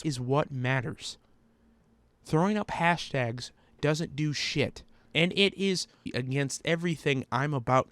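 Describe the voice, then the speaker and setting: A man's voice: on the high side, a bit bright, clean tone, dry recording. A man hosting a commentary video, ranting bluntly and profanely. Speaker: commentary host.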